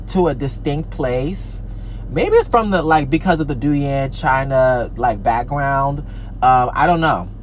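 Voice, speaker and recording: A male artist and social media creator with a fairly high voice rants angrily to camera in a vlog, over slight background noise. The heated, profane rant swears often, repeats itself with many restarts, stammers, and trails off with "I don't know."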